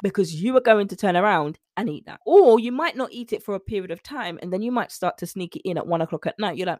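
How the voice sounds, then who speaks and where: A woman's voice: mid-range voice, expressive, fast talker, few pauses, dry recording. Chatty woman coaching, dry sound. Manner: chatty and preachy, with church-style call-outs. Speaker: nutrition and mindset coach. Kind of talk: motivational talk to camera.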